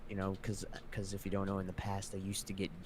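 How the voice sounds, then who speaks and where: Deep-voiced, halting young man. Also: monotone, noisy background. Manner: halting, repeats words and restarts often. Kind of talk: casual chat.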